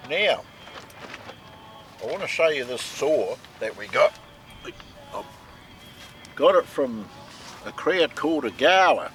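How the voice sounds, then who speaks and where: A man's voice: medium pitch, sing-song, slow pace, pauses often, a bit bright, faint music behind. Chatty New Zealand man at camp. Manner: chatty, peppers talk with "mate" and "eh". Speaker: vlog co-host. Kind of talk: casual outdoor vlog chat. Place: outdoor campsite.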